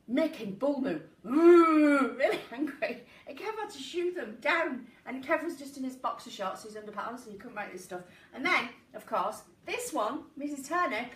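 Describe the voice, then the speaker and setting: A woman's voice: sits high, a bit bright. A woman hosting a casual live stream from her living room, chatty and giggly as she tells stories. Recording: echoey room, mic at a distance, faint noise.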